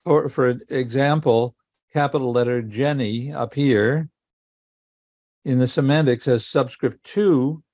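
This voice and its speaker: An older man giving a measured academic lecture, explaining step by step with occasional restarts. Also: medium pitch, a little mellow, no echo.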